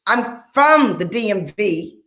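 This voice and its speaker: A woman from Detroit opening a live radio talk show with high energy, repeating phrases for emphasis. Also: lively intonation, slow, a bit bright, roomy sound. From Detroit, Michigan.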